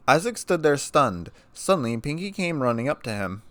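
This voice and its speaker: A man's voice: mid-range voice, sing-song, moderate pace, hardly any pauses, a bit bright, no echo. Man reading a fan story, dry. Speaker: narrator.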